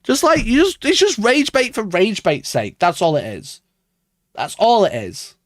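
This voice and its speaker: Exasperated man ranting, swinging pitch. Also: wildly swooping pitch, a little slow, a bit bright, no room sound, clean studio sound. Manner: exasperated, swearing, sarcastic, laughing at himself. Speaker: wargaming YouTuber reacting to a video. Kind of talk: casual livestream rant.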